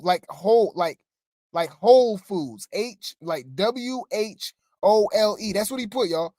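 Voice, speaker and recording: A rambling, exasperated co-host talks through celebrity gossip in a loose, chatty way, often turning to the listeners. The voice sits in a middle pitch. The sound is dry and close, with no room around it. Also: lively intonation, a little slow, dark tone, no echo. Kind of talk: casual gossip commentary.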